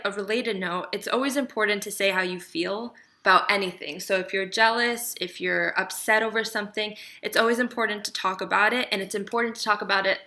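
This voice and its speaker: A woman with a bright, sharp-edged voice talks straight to her viewers in a casual advice vlog. She is chatty and emphatic and keeps checking in to make sure they follow. Her pitch sits in an ordinary middle range. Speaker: relationship advice vlogger.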